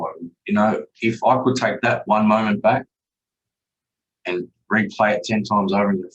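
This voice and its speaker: Low-voiced blunt man. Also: fairly even intonation, normal speed, recorded from a distance, muffled recording. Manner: blunt, swears freely. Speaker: podcast guest, chef and father. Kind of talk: candid conversational storytelling.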